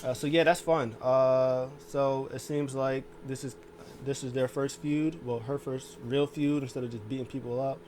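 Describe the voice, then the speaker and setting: A man's voice: medium pitch, steady tone, normal speed, a little mellow, a little hiss or hum. A man casually recapping a wrestling show, rambling along with lots of fillers. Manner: rambling, full of fillers and restarts. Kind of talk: casual chat.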